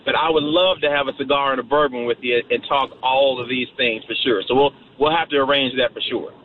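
A man calling in to a talk show, chatting about politics in a folksy, emphatic way with quick asides. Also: mid-range voice, steady tone, slight background noise. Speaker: caller. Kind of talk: political call-in chat. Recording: tinny phone line.

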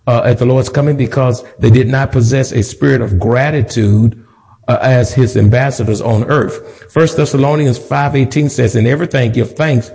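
A man's voice: medium pitch, creaky, dark tone. A male pastor preaching a sermon, building emphatic repetitions and slipping in humorous asides. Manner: rhythmic repetition, rising to emphatic peaks. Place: church sanctuary.

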